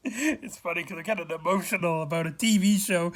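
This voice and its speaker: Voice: medium pitch, measured pace, long pauses. A vlog host talking in a chatty, rambling way, full of fillers and restarts. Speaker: vlogger host. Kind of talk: casual vlog review. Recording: echoey room.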